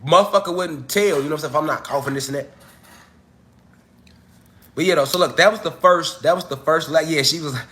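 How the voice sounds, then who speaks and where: A man's voice: on the high side, a little fast, pauses often, pushed and bright. A man hosting a casual livestream at home, talking straight to his viewers in loose slang, with a cough as he gets over an illness. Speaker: livestream host.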